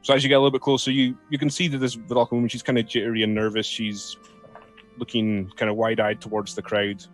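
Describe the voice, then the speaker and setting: A man's voice: medium pitch, level tone, fast talker, soft background music. Easygoing man running a tabletop game. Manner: easygoing, laughs often, restarts phrases. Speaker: game master.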